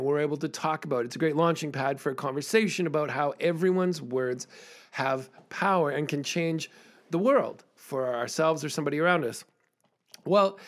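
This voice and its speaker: A man hosting a podcast, telling stories in an earnest, chatty way, laughing often and restarting phrases. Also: fairly high pitch. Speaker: podcast host and school songwriting performer. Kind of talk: storytelling monologue.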